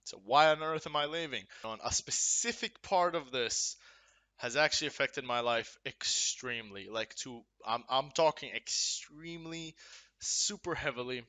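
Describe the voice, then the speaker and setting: Young man, bright forceful voice, rambling, profane, casual vlog to camera. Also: medium pitch, normal speed. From Ukraine. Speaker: gamer.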